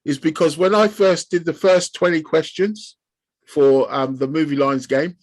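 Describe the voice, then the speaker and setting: A man's voice: a little high, a little slow. A man hosting casual podcast chat, teasing and playfully pushing his guest back on track.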